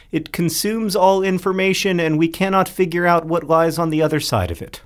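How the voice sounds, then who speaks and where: A man's voice: fairly high pitch, expressive, fairly quick, few pauses. A man in his forties co-hosting a podcast in casual chat, with a dry, wry delivery and frequent laughs. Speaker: podcast co-host.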